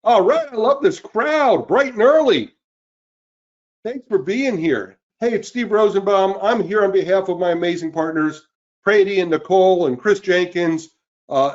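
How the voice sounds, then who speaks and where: A man in his fifties hosting a live webinar sales pitch, upbeat and greeting listeners by name. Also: dull audio. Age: 50s. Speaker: webinar host. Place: cold indoor room.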